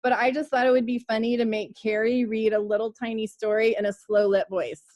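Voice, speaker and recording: A woman's voice: on the high side, flat delivery, a little fast, a little mellow. A woman co-hosting a podcast, talking in a playful, teasing way and swearing casually. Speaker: podcast co-host.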